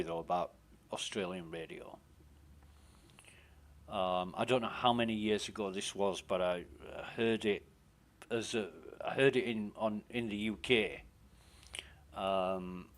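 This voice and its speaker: A man's voice: fairly low pitch, measured pace. A man, chatting casually while streaming a game, rambling and swearing as he talks, often cutting himself off mid-sentence. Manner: rambling, sweary, self-interrupting.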